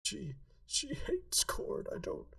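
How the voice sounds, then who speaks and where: A man's voice: a little high, a little fast, fairly bright tone, distant mic, pitched above the performer's own voice. A man voicing a panicky male temple keeper who stammers and blubbers through tears. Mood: sobbing plea. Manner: stammering, pleading, tearful.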